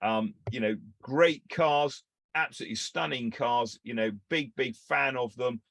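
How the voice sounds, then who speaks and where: A man's voice: medium pitch, measured pace, vocal fry, fairly bright tone, no room sound. A man co-hosting a show, explaining company finances in a casual, hesitant way with many fillers and restarts. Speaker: co-host analysing company finances.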